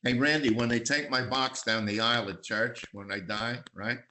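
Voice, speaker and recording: An older man from the East Bronx, New York, a magazine publisher appearing as a guest, tells lively anecdotes in a storytelling interview, acting out voices and singing snatches of songs. His mid-range voice moves at a moderate pace, and the rough recording carries slight background noise.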